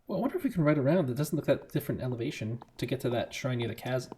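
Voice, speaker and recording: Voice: medium pitch, expressive, very fast, warm tone. A streamer chatting casually while playing a game, rambling with self-deprecating asides about the play. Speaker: gaming streamer. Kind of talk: casual let's-play commentary. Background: game music.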